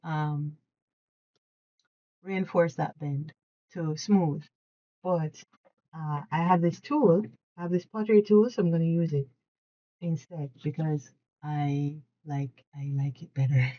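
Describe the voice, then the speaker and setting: Chatty, excitable woman crafting at home. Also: on the low side, muffled recording. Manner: chatty, excitable, laughs often, self-correcting. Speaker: craft tutorial host. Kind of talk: casual hands-on tutorial.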